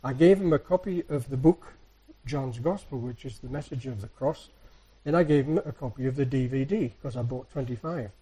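A man giving a sermon, a soft-spoken, rambling storyteller who retells everyday encounters. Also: mid-range voice, fairly quick, hardly any pauses, slightly rough, rough recording. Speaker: church speaker. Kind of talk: anecdotal sermon.

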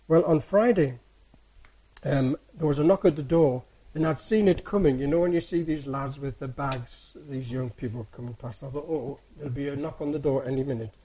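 A soft-spoken man preaching to his congregation in an easy, rambling storytelling way. His voice is husky and mellow, and a little higher than most men's. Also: low-quality recording. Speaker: church speaker. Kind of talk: anecdotal sermon.

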